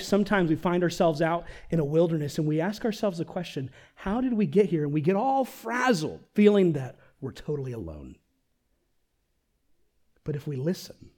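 Male pastor, somewhat high, very lively delivery; animated sermon with hushed drops and questions to the congregation. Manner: animated preaching, swinging from loud peaks to near-whispers.

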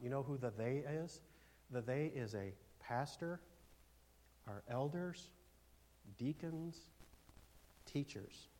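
A man preaching a sermon as pastor, speaking emphatically, asking for amens and swinging from loud declarations to hushed asides. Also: mid-range voice. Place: church.

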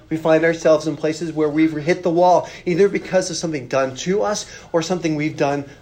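A man's voice: on the high side, a little mellow. Earnest man preaching a sermon. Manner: earnest, conversational preaching with rhetorical questions and repetition. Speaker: pastor.

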